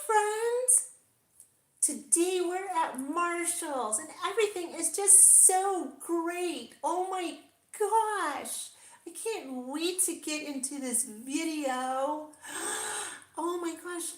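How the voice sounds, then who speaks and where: A woman voicing a bubbly, fake-cheerful young female influencer in a high-pitched, gushing voice. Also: lively intonation, extremely slow, fairly bright tone, heavily acted. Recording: echoey room.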